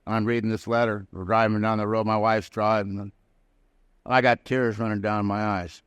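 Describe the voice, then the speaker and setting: Man, recovery speaker. Plain-spoken, folksy storyteller with a smooth, resonant voice. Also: fairly low pitch, flat delivery, moderate pace, a bit bright, dry recording. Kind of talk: personal recovery story told to a live audience. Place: prison hall.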